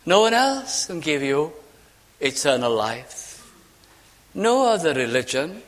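An older Welsh preacher delivers his sermon with fervour, his fairly high voice ringing out and then falling to a hush. The sound carries a long reverb, as if from a large church hall. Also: sing-song, unhurried. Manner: fervent, swings between loud ringing lines and hushed asides.

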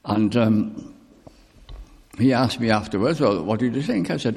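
An older man preaching a sermon with personal testimony, speaking slowly and deliberately, drawing out key words. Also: mid-range voice, expressive, gravelly, darkish tone, slightly rough. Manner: slow, deliberate, drawn-out emphasis. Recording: long reverb in a hall.

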